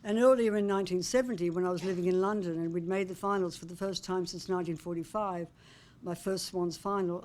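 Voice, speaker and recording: A woman's voice: on the low side, darkish tone, slight background noise. An older woman, in her seventies, speaks as an author at a book launch. Her prepared speech is heartfelt and affectionate, with touches of wry humour. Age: 70s.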